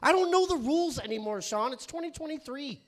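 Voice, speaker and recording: A male comedian with a high, wildly swinging voice doing a stand-up set. He rambles, swears, and sometimes bursts into shouting on a handheld mic in a comedy club. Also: animated, brisk. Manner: crude, rambling, self-interrupting.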